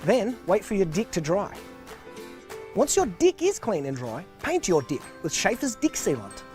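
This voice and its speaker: Here is a man playing a straight-faced pitchman with a New Zealand accent, selling deck sealant in an earnest commercial delivery. His pitch lifts and falls through a lively, animated range. Faint music plays underneath. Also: moderate pace. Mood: deadpan earnest.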